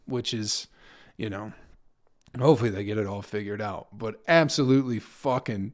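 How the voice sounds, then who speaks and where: A man's voice: fairly low pitch, moderate pace. A young adult man, a comedian hosting his own podcast, rambling casually, swearing freely and laughing at his own stories.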